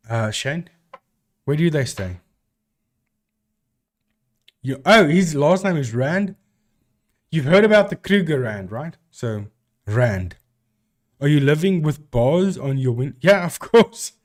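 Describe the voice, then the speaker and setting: A man's voice: on the high side, a little mellow. A man from South Africa with a South African accent, a live stream host chatting casually and answering viewers with rambling restarts.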